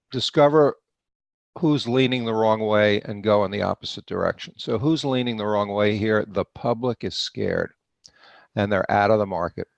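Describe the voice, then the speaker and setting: A man's voice: on the low side, vocal fry, dry recording, lo-fi sound. An older man, stuffy from allergies, giving confident market views as a guest. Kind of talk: interview answers.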